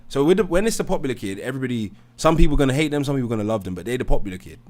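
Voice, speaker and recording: A man's voice: mid-range voice, animated, rapid-fire, darkish tone. A man hosting a live stream debate, chatting casually in slang and reading viewer comments aloud. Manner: laid-back slangy talk, reads chat aloud.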